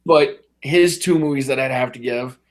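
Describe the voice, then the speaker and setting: A man's voice: medium pitch, normal speed. A man in casual podcast chat, animatedly retelling movie scenes and acting out the characters in voices. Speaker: podcast co-host.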